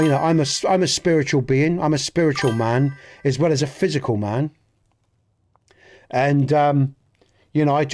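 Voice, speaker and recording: Earnest Dorset-accented man, slightly high. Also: a little mellow. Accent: Dorset English. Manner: earnest, rambling, with many restarts. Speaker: gaming streamer. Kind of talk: casual chat with live viewers.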